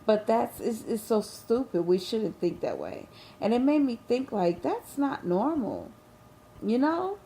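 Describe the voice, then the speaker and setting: A woman's voice: on the high side, very animated, a little slow, warm tone, a little hiss or hum. A woman telling a personal story to her viewers in an impassioned, preachy way. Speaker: vlogger. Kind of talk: emotional storytelling vlog.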